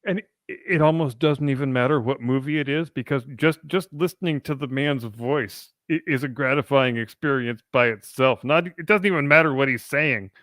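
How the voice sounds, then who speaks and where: A man in his forties, a guest on a live stream, chatting in relaxed banter. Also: medium pitch, moderate pace, hardly any pauses, no echo, clean studio sound. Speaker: co-host guest. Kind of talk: casual live-stream chat.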